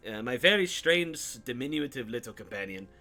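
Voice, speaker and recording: A man's voice: medium pitch, expressive, moderate pace, bright, forceful tone, soft background music. A man playing a pompous nobleman. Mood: courtly. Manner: grand, courtly, mildly condescending. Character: pompous male nobleman adventurer.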